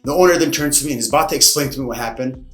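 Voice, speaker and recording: Coach recounting a personal tale, mid-pitch man, animated, roomy echo. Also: rapid-fire. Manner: lively, dramatic retelling with acted-out quotes. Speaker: martial arts coach. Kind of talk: casual storytelling to camera. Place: martial arts academy room. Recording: echoey room, faint music behind.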